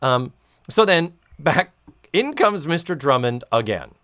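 A man co-hosting a podcast, recapping an old sitcom episode in casual, animated, profane chat. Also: fairly high pitch, a little slow. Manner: animated, profane, laughing storyteller. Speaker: podcast co-host.

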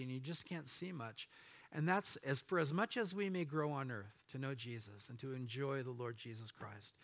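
A man's voice: mid-range voice, a bit bright. A middle-aged man preaching a sermon as pastor, reading Bible verses aloud and adding casual asides to his congregation.

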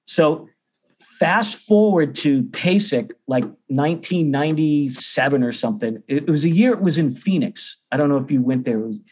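A man's voice: fairly high pitch, moderate pace, breathy edge. A middle-aged man, a percussion teacher, telling a story casually and acting out the other people's voices. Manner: animated, acts out others' voices.

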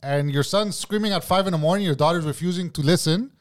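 A man in his thirties, a father, telling animated, profane stories in casual podcast chat. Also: sits high, fast talker.

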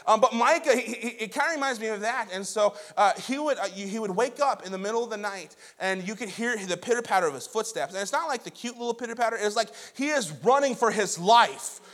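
Young male preacher, high voice, chatty storytelling sermon. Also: brisk, hardly any pauses, a bit bright. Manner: conversational, self-deprecating storytelling with many restarts. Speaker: pastor.

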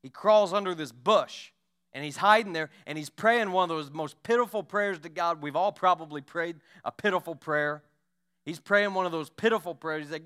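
Man preaching in church, bright smooth voice, acts out the bible story bits. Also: a little high, normal speed. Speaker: pastor. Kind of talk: sermon.

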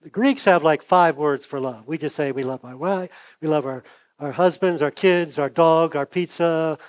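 A man preaching a sermon, conversational, acting out the dialogue with big swings from loud to hushed, and losing his voice. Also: fairly high pitch, moderate pace. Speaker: pastor.

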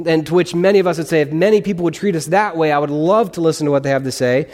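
Speaking very fast in a slightly high, slightly mellow voice, a male pastor addresses his congregation in a church sanctuary, earnest and conversational, asking them questions, with a big hall's long reverb around him.

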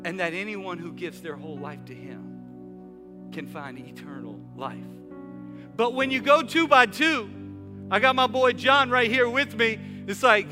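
A male pastor preaching an energetic sermon in a church, with repeated call-and-response lines. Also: very high voice. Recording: reverberant hall with faint music.

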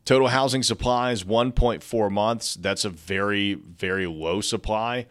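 A young man with a fairly low, slightly bright voice hosts a casual real estate news show at a measured pace. He reads articles aloud, interrupting with chatty asides in his informal market news commentary.

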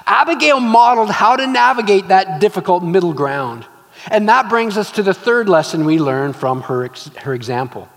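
A man's voice: high voice, animated, moderate pace, a bit bright. A man preaching a sermon in an earnest, storytelling way. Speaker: pastor. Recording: long hall reverb.

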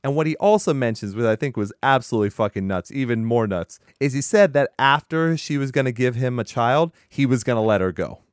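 Male podcast co-host, mid-pitched, casual and animated, swears, dry close mic. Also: fairly quick, few pauses, no echo. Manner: animated, laughs often, swears freely. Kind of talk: casual movie recap chat.

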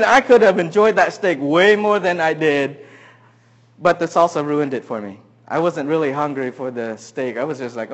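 High-voiced man preaching with stories. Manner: storytelling with humor, animated swings from loud to hushed. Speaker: pastor. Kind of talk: sermon.

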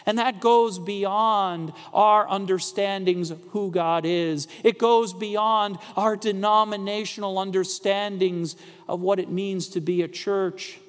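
A man preaching a sermon as pastor, slow and deliberate, asking rhetorical questions. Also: high voice, fairly even intonation, clean tone, long reverb tail.

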